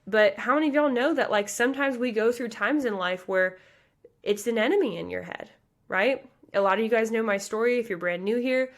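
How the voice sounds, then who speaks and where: A woman's voice: on the high side, a little fast. A woman in her thirties from the American Midwest, a pageant coach hosting her own podcast, talking earnestly and passionately, with many casual fillers. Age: 30s. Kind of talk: motivational podcast monologue.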